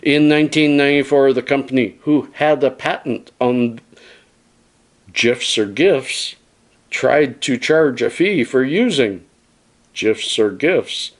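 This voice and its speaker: A man's voice: mid-range voice, moderate pace, few pauses. A man vlogging, giving his opinions in a folksy, musing way and calling his viewers friends. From Canada. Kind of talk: casual opinion monologue to camera.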